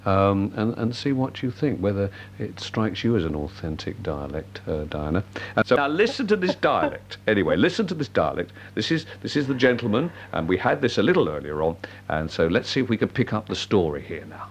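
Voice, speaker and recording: A man's voice: lowish voice, big pitch swings, a little fast, slight background noise. A man presenting local radio in a genial, rambling chat style. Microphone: studio microphone.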